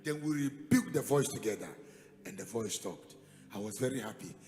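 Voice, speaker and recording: A man with a Ghanaian accent preaching a sermon, telling a story dramatically and building to loud, emphatic peaks. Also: on the low side, lively intonation, normal speed. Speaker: pastor. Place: church hall. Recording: echoey hall with music behind.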